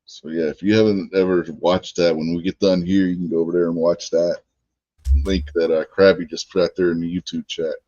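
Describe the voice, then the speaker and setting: Podcast co-host, male, very low voice, chuckly storyteller, dry muffled audio. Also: little pitch movement, fairly quick, warm tone, no room sound. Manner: chuckling, anecdotal, addresses viewers. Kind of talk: casual podcast chat.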